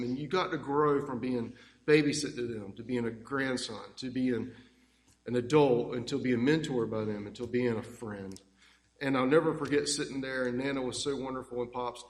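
A man telling fond, rambling family stories in a eulogy, speaking in a church. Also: mid-range voice. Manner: warm, rambling, fond anecdotes. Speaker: grandson giving a eulogy. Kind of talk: heartfelt eulogy storytelling. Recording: echoey church hall with long reverb.

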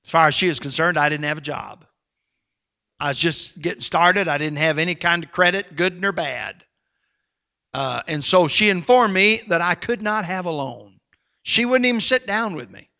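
A male preacher telling a story from the pulpit in a high, bright, ringing voice. He talks in a folksy, animated way and swells to loud emphasis on his key points. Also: moderate pace, vocal fry. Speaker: pastor. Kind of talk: storytelling sermon.

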